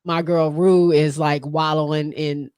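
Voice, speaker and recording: A woman from the Midwest with a slightly low-pitched voice. She hosts in a chatty, playfully indignant way and acts out little bits of dialogue. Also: little pitch movement, measured pace, darkish tone, smooth, no echo, clean studio sound. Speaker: podcast host. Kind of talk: casual chat.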